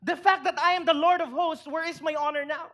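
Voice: sits high, fairly even intonation, fairly quick, a bit bright. A pastor preaching a sermon in church, making emphatic points and putting rhetorical questions to the congregation.

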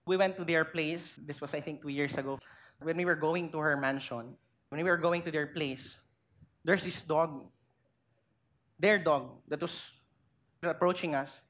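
A woman's voice: low voice, a little slow, pauses often, a bit bright. A woman with a Filipino accent preaching a sermon, acting out little scenes and asking the congregation questions. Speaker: pastor.

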